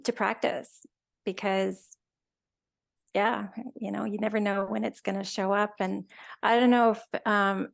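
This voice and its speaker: Woman, very gravelly creaky voice, chatty storyteller, keeps quoting back and forth. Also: medium pitch. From Canada. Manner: chatty, animated retelling with quoted dialogue. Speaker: guest. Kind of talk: casual storytelling.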